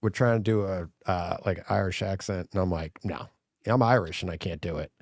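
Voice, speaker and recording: Low-voiced easygoing male co-host. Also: fairly quick, no room sound, clean studio sound. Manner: easygoing, rambling with fillers. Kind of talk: casual live-show chat.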